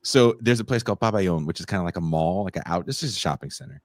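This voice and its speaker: A man co-hosting a casual podcast, talking in an animated, profane way and often breaking into laughs and shouts. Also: low-pitched, fast talker, no echo, clean studio sound. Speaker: podcast co-host. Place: home in Mexico.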